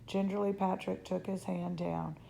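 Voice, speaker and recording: A woman reading a children's novel aloud in steady storytelling, now and then slipping on a word. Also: on the low side, normal speed, vocal fry, a little hiss or hum, rough recording. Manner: steady storytelling, slips on words. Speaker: reader.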